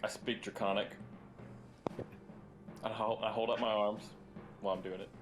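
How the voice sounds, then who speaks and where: A man playing a tabletop game, quiet and laid-back. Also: on the low side, level tone, normal speed, music in the background. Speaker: player.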